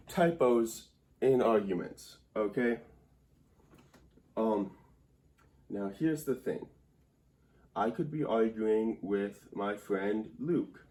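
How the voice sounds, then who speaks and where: A man plays a mock grammar teacher in a comedic whiteboard lesson, talking slowly in a low, mellow voice. He rambles in a wry, mock-serious way. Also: slight background noise. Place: indoor room by a whiteboard.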